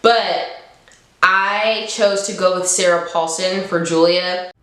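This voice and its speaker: Chatty woman in a very echoey room. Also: takes it slowly. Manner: chatty, laughs often, voice jumps up in pitch when excited. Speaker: book reviewer. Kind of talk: casual book review vlog.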